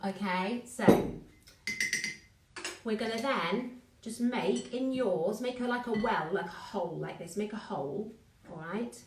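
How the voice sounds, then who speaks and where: A woman's voice: mid-range voice, a little mellow, distant mic. A middle-aged woman teaching a live baking class, chatty and encouraging as she talks viewers through each step. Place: home kitchen. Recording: echoey kitchen, away from the mic.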